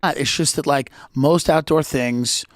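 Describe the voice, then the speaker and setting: A man hosting a comedy podcast, telling stories in animated rants with frequent restarts. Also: fairly high pitch, normal speed.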